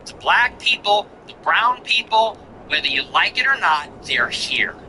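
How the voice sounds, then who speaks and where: A man's voice: high-pitched, big pitch swings, unhurried, pushed and bright, slight background noise, low-quality recording. Contemptuous ranting male host. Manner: contemptuous ranting, repetitive emphatic lists. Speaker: show host. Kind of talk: political commentary monologue.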